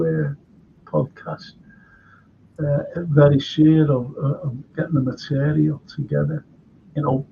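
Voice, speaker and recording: Older scouse guy hosting a chat show, gravelly, rambly, kinda tired, dull lo-fi sound. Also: on the high side. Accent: Liverpool. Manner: rambling, chatty, with frequent restarts. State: tired from lack of sleep. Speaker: host. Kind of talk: casual chat. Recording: dull lo-fi sound with faint noise.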